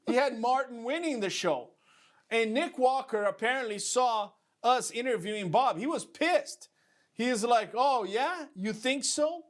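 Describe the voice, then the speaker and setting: A man hosting a casual talk show, telling stories and mimicking other people's lines. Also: very high-pitched. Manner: animated storyteller, mimics others. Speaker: podcast host. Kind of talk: casual bodybuilding chat.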